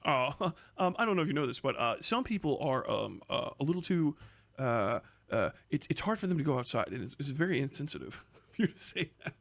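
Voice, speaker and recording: A man's voice: mid-range voice, very animated, brisk, gravelly, a bit bright, dry recording. A man streaming casual commentary, crude and sarcastic, rambling and swearing often.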